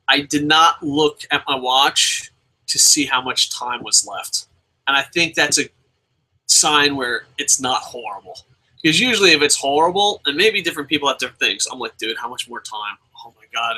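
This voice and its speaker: A young man giving a casual, profane review of a wrestling show, animated and mocking. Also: mid-range voice, low-quality recording. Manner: profane, animated, mocking with shouted put-on voices.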